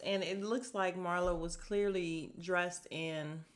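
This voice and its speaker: A woman's voice: fairly low pitch, fairly even intonation, takes it slowly, few pauses. Blunt, gossipy woman podcast host. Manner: blunt, gossipy, sarcastic, addresses listeners as y'all. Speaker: podcast host recapping a reality show. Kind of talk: casual recap chat.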